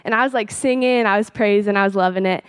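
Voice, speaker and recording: A teenage girl tells her faith story in a chatty, casual way, sprinkling "like" through her sentences and laughing softly now and then. Her voice sits at a middling pitch, and it is recorded close and dry with no room sound. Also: quick pace, clean tone, no echo. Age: late teens. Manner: chatty, peppered with "like" and soft laughs. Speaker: speaker sharing a faith testimony. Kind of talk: personal testimony talk.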